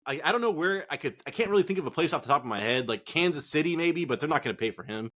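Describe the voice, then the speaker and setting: A man co-hosts a casual sports chat in a fairly high, lively voice that swings widely in pitch. He rambles, swears freely and gets worked up easily. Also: very fast. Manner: profane, excitable, rambling. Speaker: fantasy football podcast co-host.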